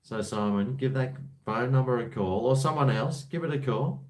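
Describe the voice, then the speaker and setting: A man's voice: mid-range voice, moderate pace, a little hiss or hum. A man from Australia hosting a casual live-stream chat, rambling, hesitant and swearing freely. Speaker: host.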